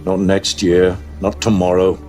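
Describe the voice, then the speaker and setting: An actor playing a cold, commanding aristocratic patriarch in a TV drama, speaking in a low, measured, authoritative way. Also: male voice, flat delivery, a little mellow, faint music behind. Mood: intense. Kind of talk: TV drama acting.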